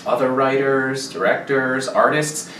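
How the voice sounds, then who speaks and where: A man, a guest performer, chatting casually and telling stories at a quick clip. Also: medium pitch, level tone, fairly bright tone, recorded from a distance, a little hiss or hum. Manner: fast, chatty storytelling. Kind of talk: casual chat and singing. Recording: roomy, from the mic, with piano.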